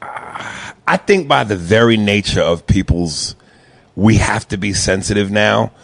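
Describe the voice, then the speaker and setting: A low-voiced man with a gravelly edge hosts a relaxed podcast conversation. He answers with quick, easy agreements and a laid-back manner. The sound is dry and close to the mic. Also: no room sound. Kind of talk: casual podcast chat.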